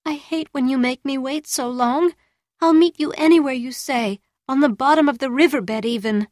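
A woman's voice: high-pitched, moderate pace, darkish tone, no echo, studio quality, pitched above the performer's own voice, close to an everyday voice. A woman voicing a scheming young geisha who coaxes and pleads in a raised, wheedling voice. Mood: pleading. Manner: coaxing, wheedling.

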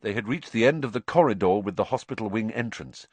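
Expressive male audiobook narrator. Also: on the low side, quick pace, hardly any pauses, no echo. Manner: expressive, varied reading. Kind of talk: scripted storybook narration.

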